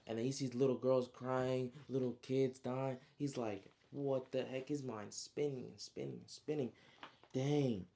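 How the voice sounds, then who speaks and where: A man casually recapping his own story, slangy and animated, with frequent asides. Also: mid-range voice, a little slow, vocal fry.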